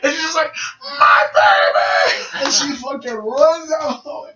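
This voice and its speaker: A young man co-hosting a podcast, telling an animated, laughing story among friends and acting out the voices of the people in it, swearing freely. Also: very high voice, a little fast, shouting, muffled recording. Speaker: podcast co-host. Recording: roomy echo, mic at a distance.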